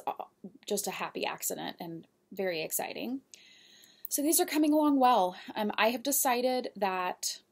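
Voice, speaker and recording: A woman hosts a knitting show in a casual show-and-tell chat, her voice sitting at an ordinary pitch with a steady thread of vocal fry. She rambles from one project to the next, chatty and quick to laugh. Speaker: knitting podcast host.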